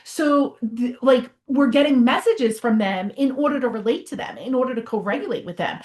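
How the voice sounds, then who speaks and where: A middle-aged woman talks as a guest therapist, her voice sitting notably high. She tells stories with energy and acts out what people said. The tone is casual and conversational. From Brooklyn, New York. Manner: animated storytelling, acts out quoted dialogue. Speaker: psychotherapist guest.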